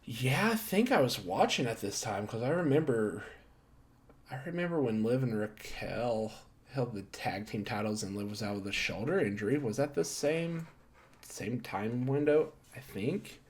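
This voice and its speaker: Man, casual recap reviewer, mid-pitched voice, rambling, self-correcting, jokey asides. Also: lively intonation, moderate pace, a little mellow. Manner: gives star ratings. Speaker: wrestling show reviewer.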